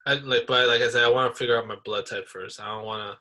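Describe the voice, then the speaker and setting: A young man with a bright, forceful voice, talking casually on a podcast. He is laid-back and slangy, and he laughs often. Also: medium pitch, fairly even intonation, fast, low-quality recording. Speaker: podcast co-host. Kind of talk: casual chat.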